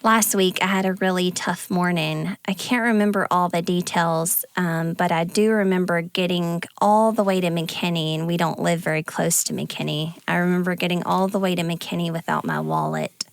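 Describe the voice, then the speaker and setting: A woman's voice: on the low side, normal speed, few pauses, dry recording. A woman co-hosting a podcast, telling personal stories in a casual, chatty way with many fillers. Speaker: podcast co-host. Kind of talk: casual conversation.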